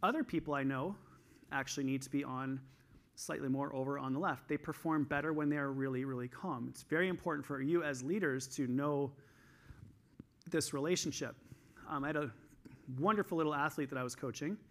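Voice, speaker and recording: A Canadian man giving an energetic conference talk on stage, telling coaching stories in an animated way. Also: a little fast. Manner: highly energized, animated storytelling.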